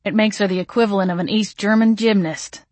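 A woman's voice: mid-range voice, steady tone, fairly quick, a little mellow, dry recording, natural voice. A woman voicing a sardonic male vampire who mocks in a nasty, sweet tone. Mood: sarcastic. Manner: mocking, sarcastic.

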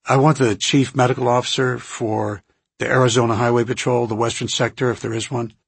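A firm government doctor presses his questions in a clipped, insistent manner, voiced by a man narrating an audiobook. The voice is husky and raspy. The recording is close and dry. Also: medium pitch, little pitch movement, a little fast, no echo. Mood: formal.

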